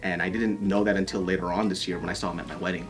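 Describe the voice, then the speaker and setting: A man's voice: deep voice, fairly even intonation, rapid-fire, soft background music. A man in his thirties telling stories in casual chat as a podcast co-host, profane and often laughing.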